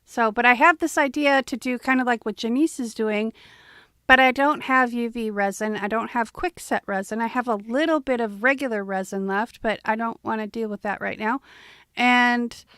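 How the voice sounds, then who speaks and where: A woman with a smooth, fairly high voice hosts a casual art livestream. She rambles a little and thinks out loud, with plenty of fillers, and her voice sounds dry and close. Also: normal speed, no room sound. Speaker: livestream host and artist.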